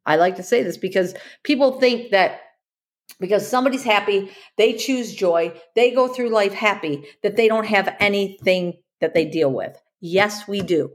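A woman's voice: medium pitch, moderate pace. A woman hosting a podcast, talking earnestly in a motivational monologue, repeating her points and asking rhetorical questions. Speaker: podcast host.

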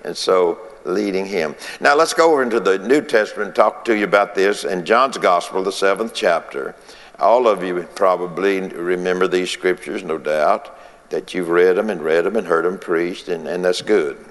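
A man's voice: deep voice, moderate pace, fairly bright tone, in a large hall. A man preaching a folksy sermon, repeating phrases and chuckling between points.

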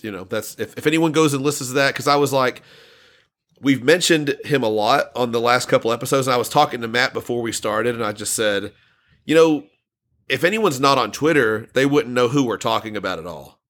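Bright-voiced man co-hosting a podcast. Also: mid-range voice. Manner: laughs often, reads listener comments aloud. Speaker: podcast co-host. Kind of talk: casual podcast chat.

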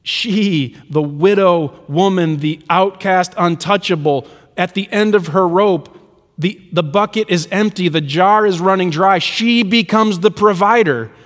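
A male pastor preaching a sermon with rhythmic repetition, swinging between soaring lines and hushed ones. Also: sits high, unhurried. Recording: long reverb of a large hall.

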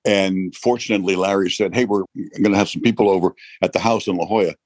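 Speaking fast, an older retired baseball broadcaster from New York tells animated stories as an interview guest, often laughing and mimicking the voices of others. His voice is low and husky, and the audio carries no echo.

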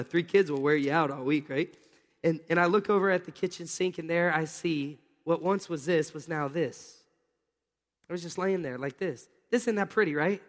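A man in his thirties preaches in an easygoing, conversational way, often turning to the congregation with questions. His voice sits a little high for a man. A long reverb from the church hall trails each phrase. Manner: casual, animated preaching with audience questions. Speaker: pastor. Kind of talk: sermon.

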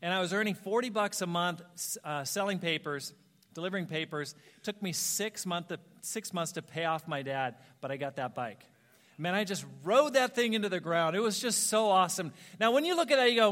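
A man preaching a storytelling sermon, animated and self-mocking, laughing at his own stories. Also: sits high, normal speed. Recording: long reverb of a large hall.

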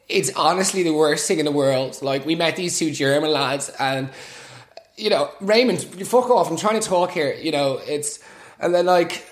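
A man's voice: fairly high pitch, echoey room, lightly acted. A man voicing a vapid, self-pitying young female influencer who gushes with fake emotion.

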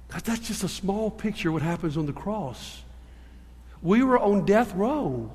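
High-voiced man preaching in a hall. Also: measured pace. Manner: animated storyteller, shifting between hushed and emphatic. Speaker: pastor. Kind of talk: sermon with storytelling.

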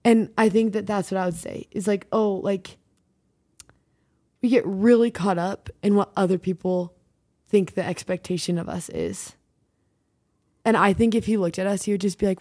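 A woman's voice: medium pitch, fairly even intonation, normal speed, pauses often, a little mellow, no echo. Young woman, casual podcast co-host; earnest, rambling delivery, dry booth sound. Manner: heartfelt, rambling, heavy use of "like". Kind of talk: casual faith-based podcast chat.

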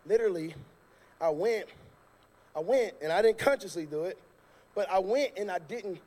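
High-pitched male preacher who tells jokey stories in his sermon, lively and loud at times. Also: slow, pauses often. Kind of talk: sermon with comic storytelling.

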